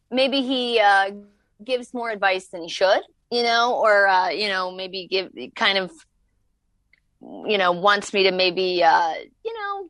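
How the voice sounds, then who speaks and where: A woman's voice: mid-range voice, a bit bright, dry recording. A young woman telling stories as a podcast guest, rambling with many fillers. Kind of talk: casual podcast chat.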